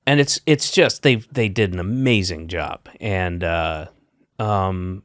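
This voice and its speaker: A man's voice: sits low, slow pace, a bit bright, no echo. A man hosting a casual podcast chat, dry and wry, rambling with lots of fillers. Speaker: podcast host. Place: New York.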